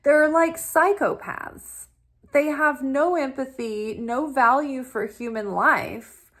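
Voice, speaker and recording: Impassioned, blunt woman with a higher voice. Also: slow pace. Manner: animated, blunt, swears freely; impassioned ranting. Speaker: spiritual teacher. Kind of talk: casual spiritual talk.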